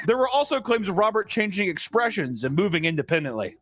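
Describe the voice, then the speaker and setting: Man, comedy podcast host, profane and sarcastic, very animated pitch. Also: fast, dry recording. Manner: profane, sarcastic, jumps into silly voices. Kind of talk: comedic reading and riffing.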